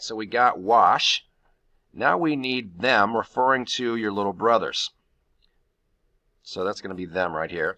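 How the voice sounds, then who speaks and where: A man with a bright, forceful tone and a fairly low voice walks students through a Spanish grammar lesson. He explains patiently, step by step, and the recording is dry and close. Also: no room sound. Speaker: Spanish teacher.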